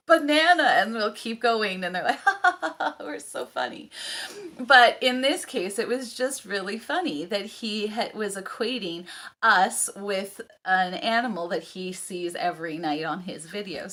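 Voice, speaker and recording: A woman's voice: medium pitch, fairly bright tone. A woman in her thirties, a homeschooling mom, chatting casually to camera in a rambling way with ums and laughing asides.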